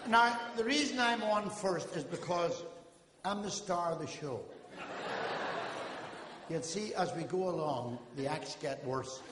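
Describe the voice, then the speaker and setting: An older man doing a stand-up comedy routine on a live stage, telling jokes in quick patter and quoting the people in his stories. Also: high-pitched, noisy background. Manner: joke-telling with character quotes, rapid patter. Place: live theatre stage with audience. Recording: echoey hall recording, faint ambience.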